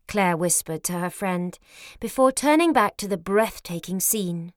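A woman narrating an audiobook in a measured, clear storytelling manner. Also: on the low side, expressive, no echo, clean studio sound.

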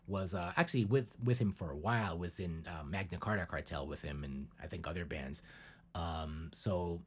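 A man's voice: low-pitched, husky. A man co-hosting a podcast, rambling and joking in casual chat, often restarting his sentences. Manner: rambling and jokey, with many restarts. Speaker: podcast co-host.

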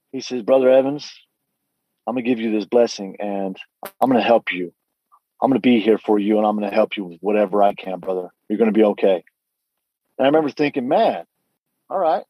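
A man's voice: mid-range voice, no room sound, highs cut off. A middle-aged man giving a candid personal testimony, telling his story earnestly with frequent restarts and quoted dialogue.

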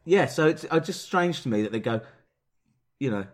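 A man's voice: medium pitch, expressive, moderate pace. A man co-hosting a comedy podcast, rambling through stories and laughing often. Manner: laughs a lot, rambling storytelling. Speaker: podcast co-host and DJ. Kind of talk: casual comedy chat.

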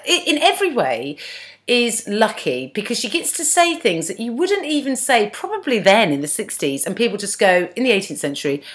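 A woman's voice: medium pitch, big pitch swings, fairly quick. A woman co-hosting a podcast, recapping a TV episode in a chatty, digressive, wry way. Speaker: podcast co-host. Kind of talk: casual chat recapping a TV episode.

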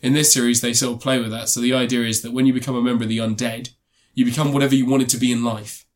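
Casting: male co-host, casual rambling reviewer, mid pitch, loose chatty delivery. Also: level tone, rapid-fire. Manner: rambling, frequent ums and restarts.

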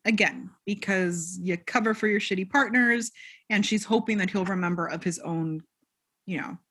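A woman's voice: medium pitch, normal speed, breathy edge. A woman co-hosting a podcast, recapping a film in casual chat and acting out the characters' lines as she tells it. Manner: animated storyteller, acts out quotes. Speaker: podcast co-host.

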